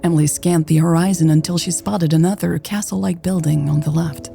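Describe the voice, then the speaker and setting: Low, gravelly woman narrating a story. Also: steady tone, fairly quick, mellow, faint music behind. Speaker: audiobook narrator.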